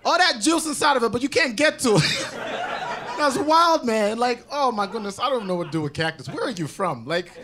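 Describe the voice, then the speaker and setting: A man from Nigeria doing improvised stand-up on a club stage, riffing on crowd shouts with mock anger. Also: very high-pitched, lively intonation, moderate pace, noisy background. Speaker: stand-up comedian. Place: comedy club stage with live audience. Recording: crowd laughter loud behind.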